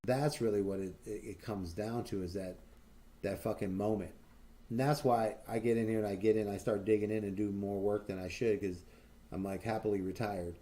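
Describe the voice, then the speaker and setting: Brief: male stream host, lowish mellow voice, loose profane rambling with lots of fillers, boastful enthusiastic stories. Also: steady tone, normal speed. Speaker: livestream host. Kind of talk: casual chat.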